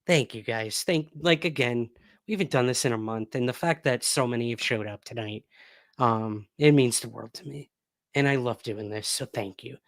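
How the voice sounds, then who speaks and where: A man's voice: mid-range voice, moderate pace, dry recording. Chatty male livestream host, dry sound. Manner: chatty, reads viewer comments aloud. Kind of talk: casual livestream chat.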